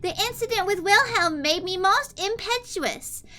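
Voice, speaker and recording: A sugary, cutesy anime girl, as a woman puts her on, reading gloomy lines in a high, sing-song voice. The voice is piercingly bright and swoops all over the place. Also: animated, unhurried, exaggerated voice. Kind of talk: mock dramatic reading.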